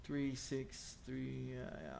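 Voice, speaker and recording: A man's voice: medium pitch, expressive, very slow, vocal fry, darkish tone, far from the mic, a little hiss or hum. A man streaming a game and ranting as he plays, swearing often and stammering over repeated words. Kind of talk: casual gameplay commentary.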